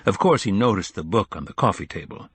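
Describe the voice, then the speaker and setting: A man narrates an audiobook in a measured, even way. His voice is low and husky. It is recorded dry and close to the mic. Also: dry recording. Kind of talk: scripted narration.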